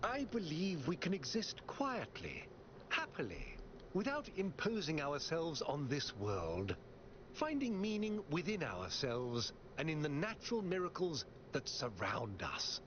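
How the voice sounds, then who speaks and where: A calm, diplomatic android mayor speaks in measured, lofty phrases. The pitch swoops widely and sits slightly high. The game audio is muffled, with clear noise behind it. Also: male voice. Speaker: city mayor. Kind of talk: video game dialogue.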